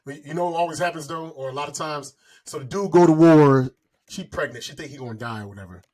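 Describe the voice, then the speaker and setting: Loud joking young man, higher voice. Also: quick pace. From Florida. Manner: loud, joking, breaks into improvised raunchy song. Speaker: podcast co-host. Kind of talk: casual comedic chat.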